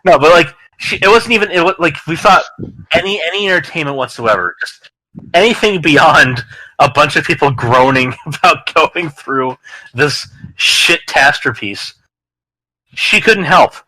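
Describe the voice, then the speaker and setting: A man's voice: fairly high pitch, unhurried, bright, forceful tone, rough recording. A man in a casual podcast chat who talks bluntly and sarcastically and swears freely.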